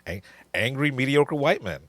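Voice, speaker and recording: A man's voice: medium pitch, sing-song, moderate pace, fairly bright tone, no echo. A man co-hosting a casual podcast chat, answering with short, wry, laid-back remarks. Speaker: podcast co-host.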